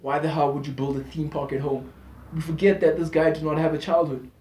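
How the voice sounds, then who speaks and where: A man's voice: a little high, level tone, fairly quick, darkish tone, slight background noise. Talkative man in an echoey room. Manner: talkative, slangy, restarts often. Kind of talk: casual chat.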